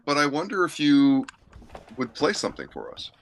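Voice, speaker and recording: A man hosting a podcast, asking questions in a relaxed, wry way. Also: a little high, moderate pace. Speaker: podcast host. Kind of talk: casual interview.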